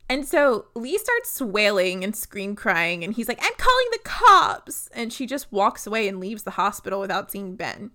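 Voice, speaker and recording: A woman's voice: medium pitch, expressive, normal speed, hardly any pauses, fairly bright tone. A woman co-hosting a book podcast, retelling the plot with blunt sarcasm and casual swearing. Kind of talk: casual book recap chat.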